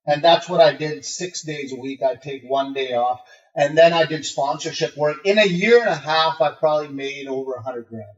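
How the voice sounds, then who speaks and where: Cocky swearing guy, kinda high voice, muffled remote audio, sounds far off in an echoey room. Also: moderate pace. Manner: swears a lot, animated and brash, acts out voices in his stories. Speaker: interview guest, rapper. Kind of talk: casual storytelling interview. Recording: muffled remote call, roomy and distant.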